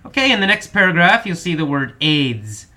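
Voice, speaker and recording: A male English teacher with a bright, forward voice walks through vocabulary one word at a time. He explains each meaning patiently, repeats definitions, and often pauses with small fillers. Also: fairly high pitch, big pitch swings. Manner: slow, patient explanations with frequent repetition and fillers.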